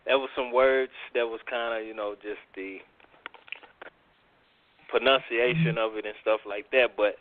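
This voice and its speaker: A man's voice: mid-range voice, fairly even intonation, unhurried, long pauses, a little hiss or hum. A man hosting a casual radio round-table, speaking loosely and hesitantly with many fillers. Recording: dry tinny phone line.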